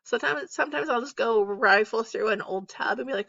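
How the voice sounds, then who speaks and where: A middle-aged woman chats candidly to her viewers from home at night, laughing at herself as she talks through her online selling. Her voice is bright and forward, recorded close and dry, with a slightly dull, muffled top end. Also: on the high side, fairly quick, creaky, no room sound. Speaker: eBay reseller and YouTuber. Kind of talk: casual list-with-me chat. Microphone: close, off camera.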